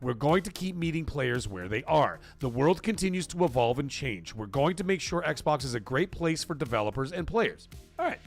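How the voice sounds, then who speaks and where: A man hosting a live stream, talking in a casual, emphatic and repetitive way, his voice getting hoarse. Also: fairly high pitch, sing-song, normal speed. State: voice going hoarse. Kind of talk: casual live-stream chat reading donations.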